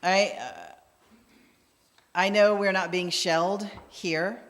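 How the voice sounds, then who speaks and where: A woman minister giving a sermon in a conversational storytelling manner, acting out the voices of people she quotes. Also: low voice. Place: church sanctuary. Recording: long reverb of a church hall.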